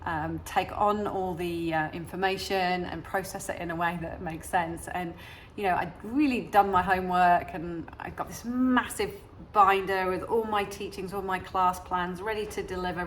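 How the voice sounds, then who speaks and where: A woman's voice: lowish voice, steady tone, normal speed, slight background noise. A woman with an English accent, a yoga teacher talking casually to camera, hesitant with many fillers and restarts. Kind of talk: casual talking-head chat.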